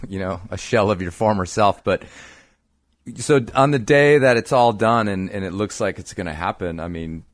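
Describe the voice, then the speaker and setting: A man's voice: fairly low pitch, no echo. A man hosting a podcast, asking loose questions with lots of fillers. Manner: casual, filler-heavy, chatty. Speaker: podcast host. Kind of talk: casual interview questions.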